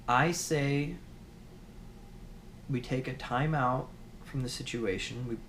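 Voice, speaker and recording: A man teaching a course in a conversational video lecture, often restarting sentences and pausing with fillers. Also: mid-range voice, creaky, a little hiss or hum. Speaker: course instructor.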